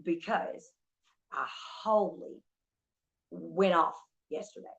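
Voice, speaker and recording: A woman's voice: on the low side, slow pace, creaky. Woman ranting, profane and heated, lo-fi. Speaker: streamer. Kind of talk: casual storytelling rant. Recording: dull lo-fi stream audio.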